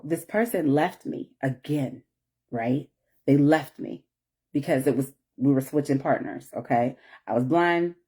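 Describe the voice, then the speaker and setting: A woman's voice: extremely low pitch, warm tone. A woman talking through an emotional personal story in a rambling vlog, with many restarts and apologies and moments of tearfulness. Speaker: vlogger.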